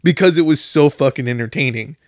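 A man's voice: mid-range voice, brisk, no room sound, studio quality. A young man chatting casually as a podcast co-host, telling stories with lots of swearing and animation. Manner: profane, animated storyteller. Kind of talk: casual chat.

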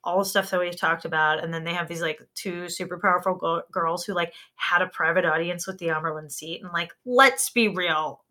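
A woman's voice: on the low side, a little fast, hardly any pauses, bright, forceful tone. A woman co-hosting a podcast in casual chat, talking animatedly with lots of filler words. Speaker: podcast co-host.

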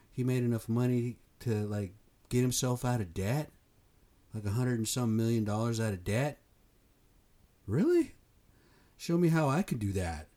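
A man's voice: mid-range voice, warm tone. Blunt, fired-up American man ranting. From United States. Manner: blunt, fired up, swears, repeats himself. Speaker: commentator. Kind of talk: opinionated monologue.

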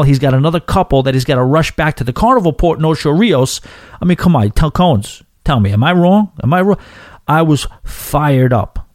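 Podcast host from New York, warm low-key tone, dry close sound, swearing rant with lots of restarts. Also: male voice, no echo. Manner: animated, profane ranting with frequent restarts. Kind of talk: casual storytelling monologue.

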